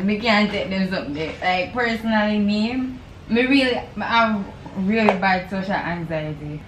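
Young Jamaican woman, vlogger, animated swearing rants in patois, faint background hiss. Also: medium pitch. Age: young adult. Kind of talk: casual chat while assembling furniture. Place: dorm room. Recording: echoey room, faint noise.

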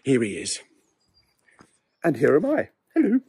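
Breathless, husky English man rambling. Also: medium pitch, lively intonation, normal speed, a little mellow, no echo. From England. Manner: chatty, wry and self-mocking. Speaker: vlogger. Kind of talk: rambling walking vlog. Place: outdoor cemetery, walking.

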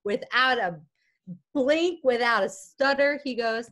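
As a guest on a podcast, a young woman with a fairly high voice slowly tells a story in casual chat. She acts out quoted dialogue with animation and laughs often.

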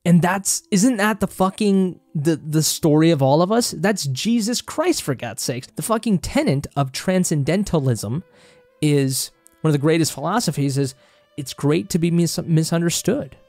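A man's voice: a little high, animated, moderate pace, darkish tone, no room sound, faint music behind. A young man from Mexico with a Mexican Spanish accent, a native Spanish speaker, delivering a passionate, heated movie review monologue and swearing freely as he gets worked up. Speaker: film vlogger.

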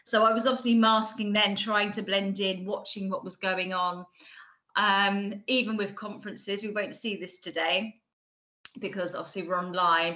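A woman in her forties from England, with a Bracknell accent in a Mockney-like estuary style, gives a chatty online conference talk full of ums and restarts. Her mid-range voice is flat and sharp at normal speed, and the recording over a computer mic is low quality.

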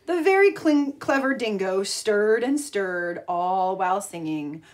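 Lively, expressive woman teacher. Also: mid-range voice, measured pace, few pauses. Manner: expressive storyteller, pointing out pictures. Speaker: art teacher. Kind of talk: reading a picture book aloud and teaching an art lesson.

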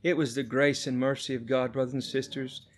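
A middle-aged man preaching a sermon, telling a testimony with passion and swinging between hushed and loud delivery. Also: medium pitch, little pitch movement, a little fast.

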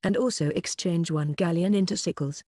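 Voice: mid-range voice, normal speed, mellow, no room sound, studio quality, lightly acted. An audiobook narrator voicing a polite young male wizard student. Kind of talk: audiobook character voice.

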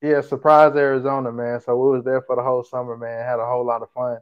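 Man from Texas, podcast guest, laid-back slangy talk, mid pitch, dull lo-fi recording. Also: level tone, quick pace, smooth. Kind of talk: casual podcast conversation.

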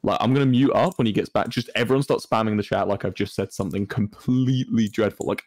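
A man's voice: on the low side, fairly even intonation, a little fast, darkish tone, no room sound. A young British man chatting casually to a stream audience, mischievous and rambling with lots of fillers. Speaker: streamer's guest co-host.

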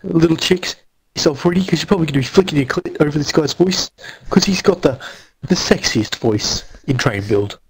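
A man's voice: on the high side, lively intonation, brisk, gravelly, husky, poor audio. Crude Australian man on voice chat. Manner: crude, swearing, joking, rambling. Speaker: gamer chatting with friends. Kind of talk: casual gaming voice chat.

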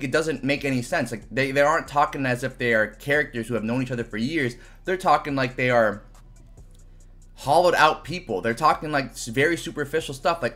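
A man's voice: mid-range voice, a bit bright. A young man giving a casual, frustrated review of a wrestling event, ranting animatedly and swearing often.

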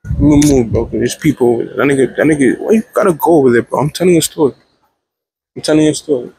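A young man telling a story to camera as a student vlogger, animated and profane, checking in with the viewer constantly. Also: medium pitch, racing, slightly rough. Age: young adult. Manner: animated, profane, keeps checking in with 'feel me', 'right?'. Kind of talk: casual storytelling vlog.

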